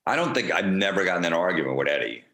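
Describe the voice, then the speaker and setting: A comedian being interviewed, telling rambling, profane, laid-back anecdotes in a casual way. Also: male voice, deep voice, sing-song, fast, fairly bright tone, roomy sound. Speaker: comedian guest.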